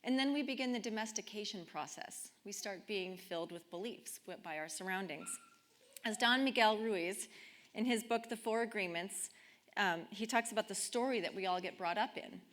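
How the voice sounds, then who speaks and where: A woman's voice: mid-range voice, normal speed, fairly bright tone. A woman speaking in a chapel, telling stories in a conversational sermon with frequent restarts. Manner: chatty, storytelling, with restarts. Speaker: speaker giving the talk.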